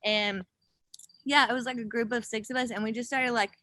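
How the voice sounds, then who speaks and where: A woman's voice: fairly high pitch, brisk, no echo. A young woman, a pro cyclist, telling race stories in a casual chat, acting out quotes and swearing freely. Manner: animated storyteller, acts out quotes, swears freely. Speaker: pro gravel cyclist guest.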